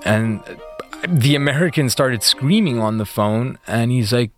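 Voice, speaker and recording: A man's voice: medium pitch, normal speed, dry recording, studio quality, faint music behind. A man being interviewed about his past, telling the story in a casual, conversational way with lots of "like" and "you know.".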